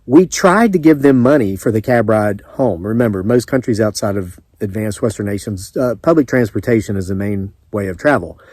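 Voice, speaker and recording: Barely pausing, a homesteading vlogger from the American South talks at a normal speed in a fairly low, darkish voice on a dry recording. He chats to camera in his Southern accent, rambling through stories with frequent restarts and side comments.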